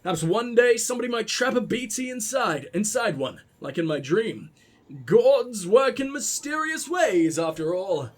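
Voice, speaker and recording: A man's voice: high-pitched, big pitch swings, normal speed. A man reading a letter aloud as the earnest young son of a novelist, in his own voice. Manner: plain reading aloud, little character voice. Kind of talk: reading a game message aloud.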